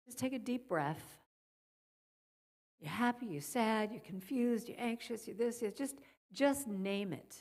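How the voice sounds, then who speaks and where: A middle-aged woman speaking as a guest at a church service, softly guiding listeners and telling stories. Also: a little high, unhurried. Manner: gentle, guiding a breathing exercise then storytelling. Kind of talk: spiritual talk at a church service. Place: church sanctuary.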